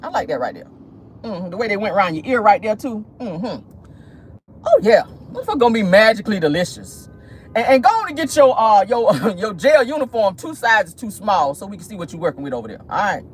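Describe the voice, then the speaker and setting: Gossip host: sassy, animated, and laughing from the car, with a lively swinging pitch. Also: a little fast, a little hiss or hum. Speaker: vlogger and gossip show host. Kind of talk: celebrity gossip commentary.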